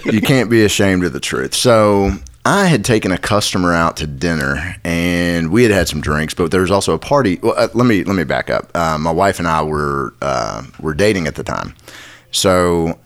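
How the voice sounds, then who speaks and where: A man co-hosting a podcast, telling a personal story in a relaxed way with many restarts. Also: sits low, moderate pace. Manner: relaxed storyteller, frequent restarts and self-corrections. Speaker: podcast co-host. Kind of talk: casual chat.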